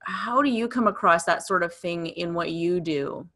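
A woman's voice: on the low side, moderate pace, fairly bright tone. Woman host asking long rambling questions. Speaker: podcast host. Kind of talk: casual interview questions.

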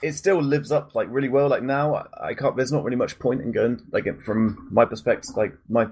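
A man's voice: medium pitch, brisk, darkish tone, husky. A man co-hosting a podcast in casual chat, telling stories with constant fillers. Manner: anecdotal, heavy use of fillers like "like". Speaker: podcast co-host.

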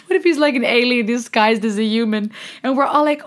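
A woman's voice: fairly high pitch, brisk. A woman hosting a music reaction video, exclaiming and laughing in disbelief in casual commentary. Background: faint music playing.

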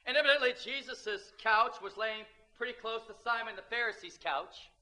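A man's voice: high-pitched, normal speed. A male preacher giving a sermon who retells a scripture story and calls out for amens from the congregation. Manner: animated, emphatic, calls for amens.

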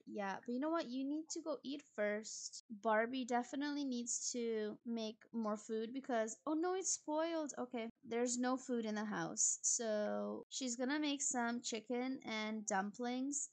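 Gaming YouTuber, female, fairly high voice, chatty play-by-play with sudden exasperated outbursts. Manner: chatty, talks to her game characters, quick shocked outbursts. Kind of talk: casual let's-play commentary.

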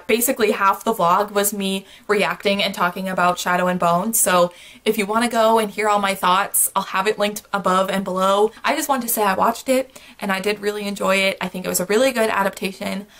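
A young woman talking straight to her viewers in a relaxed wrap-up chat. She gushes and bubbles with enthusiasm and laughs often between thoughts. Her pitch sits in the middle of the usual range. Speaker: book vlogger. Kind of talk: casual monthly wrap-up chat.

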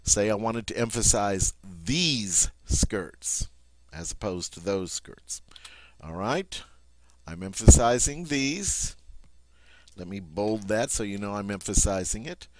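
Guy doing a french lesson, kinda low voice, emphatic, says all right a lot, dry sound. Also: steady tone, moderate pace, no echo. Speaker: French teacher.

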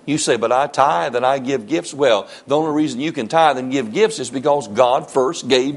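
A man's voice: medium pitch, normal speed, few pauses. A male pastor preaching a sermon, firing rhetorical questions and reading scripture aloud with strong emphasis.

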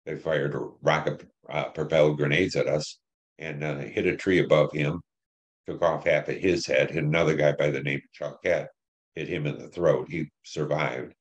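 Very deep-voiced older veteran man. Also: fairly even intonation, dull audio. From Detroit, Michigan. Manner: plain, halting storytelling with many fillers. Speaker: Vietnam veteran interviewee. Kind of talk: oral history interview.

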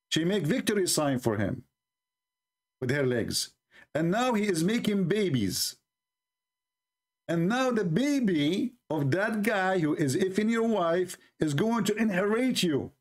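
On his live-stream polemic, the debate host needles opponents and keeps laughing at his own jabs. He speaks rough, non-native English in a voice pitched a little high for a man.

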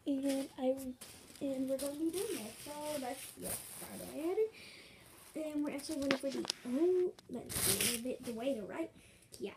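A woman narrating a casual toy role-play, chatty and rambling with many fillers. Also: high-pitched. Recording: noisy home recording with clicks.

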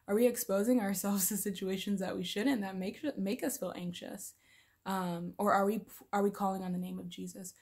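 A woman giving a casual devotional talk on faith and anxiety to her viewers, earnest and emotional, at times tearful, ending in prayer. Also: medium pitch. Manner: earnest, emotional, with fillers and soft laughs. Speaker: Christian vlogger.

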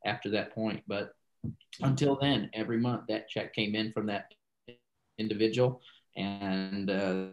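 Low-voiced pastor telling a story. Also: male voice, fairly even intonation, measured pace, muffled recording. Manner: rambling, many "you know" asides, acts out quoted dialogue. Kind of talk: casual interview storytelling.

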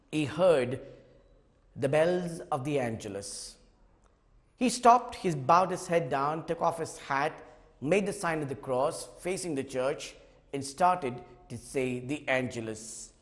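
High-voiced man preaching a morning reflection. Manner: storytelling, swings from hushed to fervent. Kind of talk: sermon. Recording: long hall reverb.

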